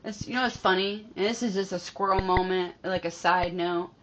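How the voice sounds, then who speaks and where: A woman's voice: on the low side, steady tone, a bit bright, slight background noise. A woman from New York with a New York accent touched by Southern speech, giving a channeled spiritual message in a repetitive, affirming way, then chatting casually. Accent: New York, with picked-up Southern touches. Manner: repetitive, affirming, drawn-out phrasing. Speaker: spiritual reader. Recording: dull lo-fi recording.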